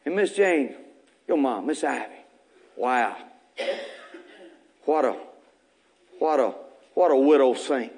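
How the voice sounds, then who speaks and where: A man's voice: medium pitch, expressive, slow pace, long pauses, darkish tone. A male pastor, preaching a folksy, fervent sermon full of repetition in a church. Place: church sanctuary.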